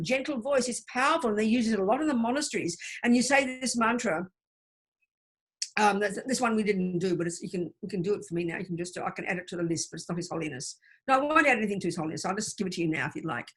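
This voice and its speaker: Husky woman teaching meditation. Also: a little high. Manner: warm explanatory teaching, chants mantra syllables for listeners to repeat. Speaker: Buddhist teacher. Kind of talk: teaching a study group.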